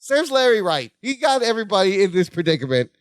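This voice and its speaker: Man, podcast co-host, casual recap, laughs often, quotes characters, high voice, dry sound. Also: very animated, fast, clear, resonant tone, no room sound. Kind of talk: casual chat recapping a sitcom episode.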